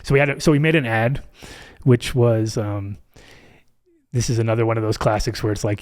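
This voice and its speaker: A man's voice: medium pitch, steady tone, brisk, darkish tone. A man in his fifties, a podcast guest, telling a story in casual, profane speech and acting out other people's lines.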